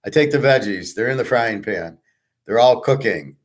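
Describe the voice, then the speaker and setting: A man's voice: mid-range voice, lively intonation, moderate pace. A middle-aged man hosting his own show, talking casually in a blunt, digressive way and swearing often. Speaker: host. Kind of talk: casual rambling talk.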